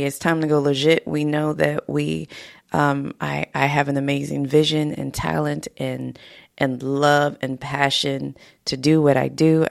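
A woman's voice: sits low, creaky, no room sound, clean studio sound. A woman hosting a podcast, speaking heartfelt and slightly emotional, laughing often as she talks. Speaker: podcast host. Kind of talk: casual motivational podcast talk. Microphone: podcast microphone in a home studio.

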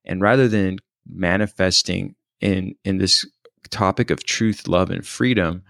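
This man's voice sits very low and rasps with gravelly fry, though his tone comes across fairly bright. Recounting a personal experience, he pauses and restarts frequently in a thoughtful, uncertain way, captured in a dry, close recording with no echo.

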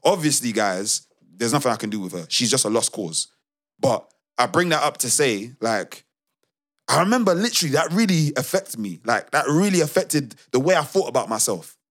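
A man's voice: medium pitch, big pitch swings, moderate pace, a bit bright. A man co-hosting a casual podcast, telling a story emphatically with lots of restarts. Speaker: podcast co-host.

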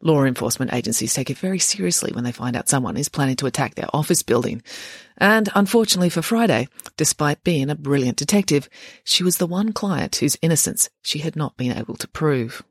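An audiobook narrator, reading a story in an expressive, wry way. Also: medium pitch, fairly quick, breathy edge, no echo, clean studio sound.

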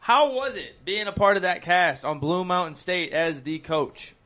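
A man hosting a casual podcast, reacting loudly with profane jokes. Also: high voice, unhurried. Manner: loud, joking, profane reactions. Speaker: podcast host.

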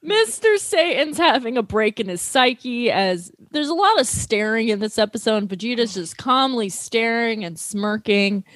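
A woman's voice: on the high side, animated, fairly bright tone, no echo. A woman co-hosting a casual comedy podcast, recapping an anime with sarcasm and casual swearing. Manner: sarcastic, swears casually, does quick character voices.

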